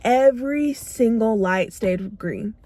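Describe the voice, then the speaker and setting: Emphatic higher-voiced woman vlogger. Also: slow, mellow, no room sound. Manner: emphatic, repeats phrases for punch; acts out her own inner dialogue in quotes. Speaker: self-growth vlogger. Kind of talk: motivational talk to camera.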